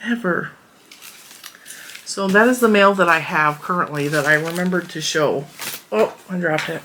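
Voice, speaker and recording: A woman's voice: on the low side, moderate pace, fairly bright tone, slight background noise. A woman in her thirties chatting casually to her viewers, rambling with frequent fillers and restarts. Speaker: crochet vlogger. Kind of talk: casual chat.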